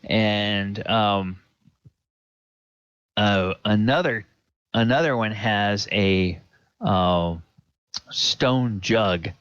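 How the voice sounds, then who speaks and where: Slow, halting male game master. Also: lowish voice, a bit bright, clean tone, no echo, dull audio. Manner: hesitant, full of ums and restarts. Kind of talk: narrating a tabletop game.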